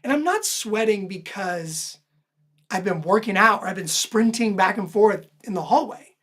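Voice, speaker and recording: A woman host animatedly telling a personal story, lively and self-deprecating, laughing often. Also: medium pitch, moderate pace, breathy edge. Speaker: host recounting her own stories.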